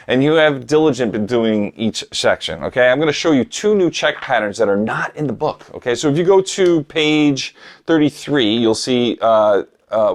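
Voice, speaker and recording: A middle-aged man gives a drum lesson, speaking directly to his students. He explains rudiments in a coaching tone and counts out the patterns aloud. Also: fairly low pitch. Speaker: drum teacher. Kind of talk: instructional talk to camera.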